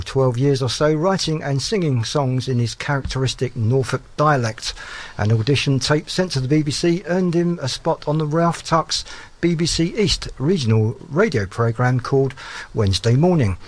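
A man presents a music show with an easygoing, conversational delivery. He talks in a relaxed, self-deprecating way and often pauses on small fillers. His voice sits at an ordinary middle pitch. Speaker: radio-style music show host.

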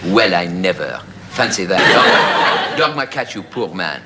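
A man's voice: deep voice, big pitch swings, normal speed, pitched below the performer's own voice. Coy teasing young woman in a wetsuit, a guy doing the voice, noisy room.

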